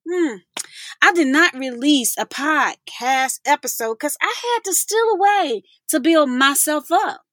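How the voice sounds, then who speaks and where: A woman's voice: sits high, animated, a little slow, fairly bright tone, dry recording. A woman hosting a podcast, talking effusively, laughing often and calling her listeners y'all. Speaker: podcast host. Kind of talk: casual podcast chat.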